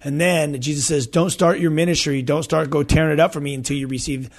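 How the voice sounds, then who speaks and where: A man's voice: fairly high pitch, fairly even intonation, fast. A middle-aged man, hosting a casual faith chat, talking emphatically with surfer slang. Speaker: podcast host.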